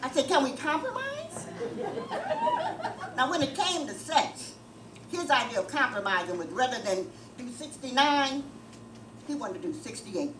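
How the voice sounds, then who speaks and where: Older woman doing stand-up, lively and high. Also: normal speed. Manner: storytelling, sings a comic song. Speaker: stand-up comedian. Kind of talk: stand-up comedy set. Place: comedy club stage. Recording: echoey club audio, far from mic, noisy.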